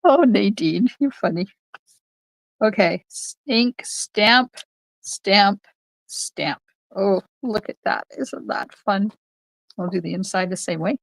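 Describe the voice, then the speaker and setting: Older lady doing a live card-making stream from her craft room, gravelly, unhurried, chatty with viewers, dry sound. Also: medium pitch, expressive, darkish tone, no echo, poor audio. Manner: chatty, talks to viewers while stamping.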